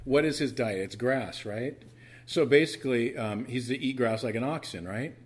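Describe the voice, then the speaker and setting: A man's voice: mid-range voice, moderate pace, breathy edge. A man preaching an earnest, tender sermon in a church as the pastor.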